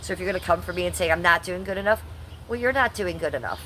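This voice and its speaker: This fifties-aged woman talks fast on her live stream, her lowish, fairly bright voice full of lively intonation as she reads chat aloud. She answers bluntly and combatively, cursing at hecklers, with slight noise in the background.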